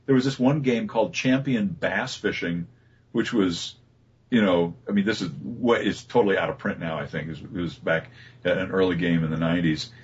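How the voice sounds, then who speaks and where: A man, a voice actor being interviewed, telling relaxed stories about his work with many fillers and restarts. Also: low voice, normal speed, breathy edge. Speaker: voice actor guest. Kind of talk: casual interview talk. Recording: dull lo-fi recording.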